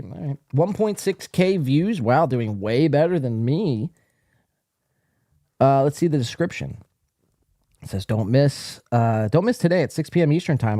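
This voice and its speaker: A man's voice: fairly high pitch, big pitch swings, moderate pace, a little mellow, dry recording, studio quality. A male podcast host giving casual, profane, mocking commentary while reading out online posts. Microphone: desk mic, acting up.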